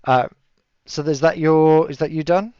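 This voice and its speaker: Man, game master, chatty, laughs a lot, smooth voice, muffled low-fi recording. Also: fairly even intonation, measured pace, darkish tone, no room sound. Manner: chatty, laughs often, many fillers. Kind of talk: narrating a tabletop game. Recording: dull lo-fi audio.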